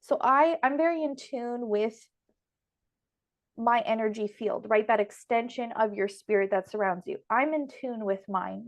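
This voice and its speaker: Host, woman, young adult. Chatty, emotional, laughs often, slightly high voice. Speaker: podcast host and medium. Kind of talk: casual conversation.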